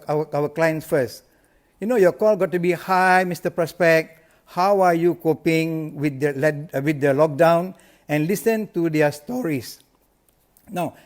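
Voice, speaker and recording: Energetic man coaching sales. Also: fairly high pitch. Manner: energetic, emphatic, repeats key lines. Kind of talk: motivational live talk.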